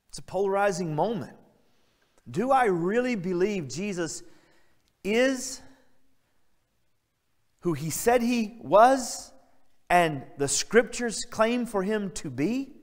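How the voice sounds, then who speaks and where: A man's voice: sits high, expressive, takes it slowly, long pauses. A male pastor preaching a sermon, earnest and emphatic, stressing key words as he builds his point. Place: church sanctuary. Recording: church hall reverb.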